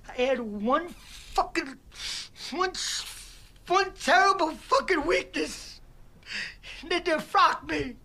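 An actor playing a paranoid, foul-mouthed, middle-aged former agent who talks in jittery, rambling bursts, heard from a film clip. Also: male voice, very high-pitched, lively intonation, slow, pauses often, sharp tone, heavily acted. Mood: mournful. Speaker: film character.

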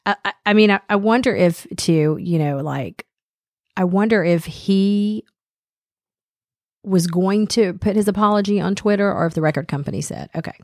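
A woman's voice: medium pitch, normal speed, a little mellow, no echo, studio quality. A woman co-hosting a podcast in casual chat, musing and hesitant, trailing off. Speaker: podcast co-host.

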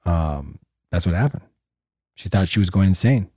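A man co-hosting a podcast, talking in a calm, low-key way and teasing his partner. His voice is mellow and dark at a middle pitch. The sound is dry and close. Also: moderate pace, slightly rough, no echo. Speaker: podcast co-host. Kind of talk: casual chat.

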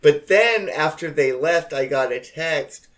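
A man's voice: a little high, lively intonation, unhurried. A man telling a family story in casual chat, swearing and mimicking relatives.

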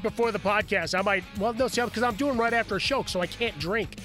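A man from Chicago giving fantasy football picks in lively, casual podcast banter. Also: sits high, fast talker, soft background music. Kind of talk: casual sports podcast chat.

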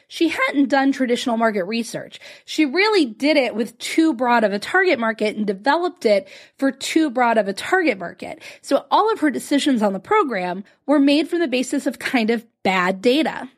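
A woman's voice: fairly high pitch, moderate pace, few pauses. A woman hosting a solo business podcast, telling a client story with frequent laughs and acted-out quotes. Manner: animated, laughs often, acts out quoted clients. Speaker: podcast host and business coach.

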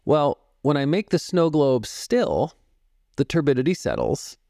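A man in his fifties, a podcast guest, telling stories about music and meditation in a calm, reflective way and explaining through analogies. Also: a little high, unhurried, creaky, no echo, clean studio sound. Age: 50s. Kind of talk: storytelling interview talk.

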